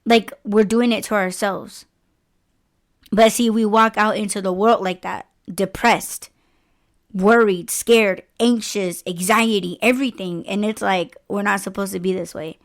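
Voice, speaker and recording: A woman's voice: mid-range voice, steady tone, a little slow. A woman hosting a podcast, chatting candidly and expressively, swearing freely as she rambles. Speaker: podcast host. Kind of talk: casual podcast chat.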